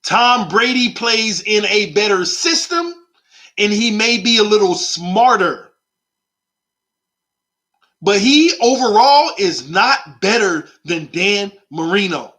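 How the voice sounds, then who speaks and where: A man's voice: sits high, expressive, slow, bright, forceful tone. A man hosting his own sports channel, arguing his points emphatically and repeating them for effect in casual commentary.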